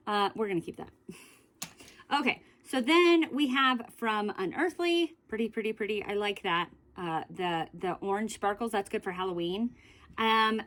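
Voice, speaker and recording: A woman in a casual beauty vlog, chatting in a rambling way about her lip glosses and correcting herself as she goes. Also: medium pitch. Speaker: beauty vlogger. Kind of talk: casual makeup declutter vlog.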